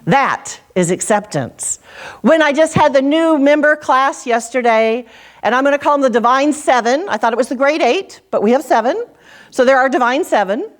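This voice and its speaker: A woman minister delivers a storytelling sermon in a church. Her voice is fairly high and swings widely in pitch, with dramatic pauses and low, hushed tones for quoted lines. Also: expressive. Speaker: senior minister. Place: church sanctuary.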